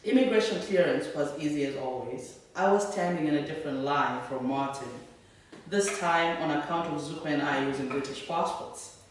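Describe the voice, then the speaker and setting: A woman author reading her own fiction aloud, then taking questions in a lively, laughing way. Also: low-pitched, normal speed, slight background noise. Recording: echoey room, distant mic.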